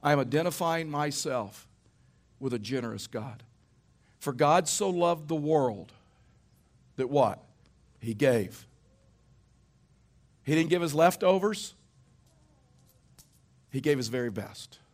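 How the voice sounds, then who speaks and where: Storytelling male preacher, slightly high voice. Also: lively intonation, takes it slowly, pauses often. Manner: conversational storytelling preacher, rhetorical questions. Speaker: pastor. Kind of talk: sermon. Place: church.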